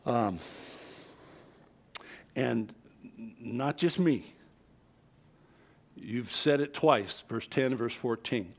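A male pastor delivering a sermon in a mid-pitched voice. He reads scripture and explains it in a conversational way. He throws sudden bursts of height and volume onto key words. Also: slow, creaky, long pauses. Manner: expressive, with big jumps in pitch and loudness for emphasis.

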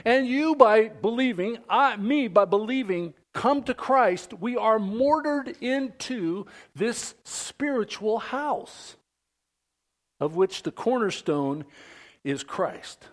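Emphatic high-voiced preacher man. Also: animated, takes it slowly. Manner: emphatic preaching with wide swings from loud declarations to hushed near-whispers; asks the congregation questions. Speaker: pastor. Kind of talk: sermon.

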